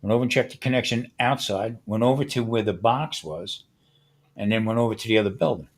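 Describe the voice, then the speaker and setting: Man spinning animated stories in chat. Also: on the low side, a little fast. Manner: animated storyteller who acts out the people he quotes. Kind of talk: casual podcast chat.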